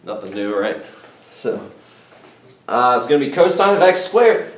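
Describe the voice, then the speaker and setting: A man's voice: mid-range voice, sing-song, unhurried, pauses often. A male math teacher lecturing his class step by step, checking in with "okay" and addressing the students as "guys". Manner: explains step by step, often saying "okay" and "guys". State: voice cracking a little. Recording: echoey room, mic far off.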